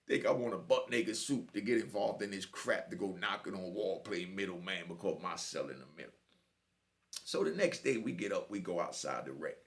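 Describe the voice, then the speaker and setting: A middle-aged man telling a prison story in casual street slang, often adding "you know what I mean" and mimicking high cat meows. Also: creaky, a bit bright.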